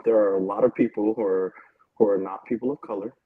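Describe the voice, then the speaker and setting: A man's voice: on the low side, steady tone, quick pace, phone-quality sound, slight background noise. A man speaking on a video call from home in a casual panel discussion, hesitant and full of restarts. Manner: hesitant, many fillers and restarts, laughs between points. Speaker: panel guest.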